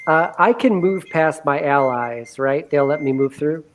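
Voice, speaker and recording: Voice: medium pitch, a little slow, a little hiss or hum. A player in a live tabletop game, counting squares and asking the game master questions. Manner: lively, counting out moves. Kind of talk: casual game talk.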